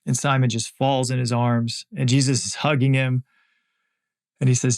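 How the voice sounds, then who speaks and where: Earnest gravelly man giving a motivational talk. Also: medium pitch, flat delivery, normal speed. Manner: earnest, emphatic, repeats phrases. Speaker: podcast host.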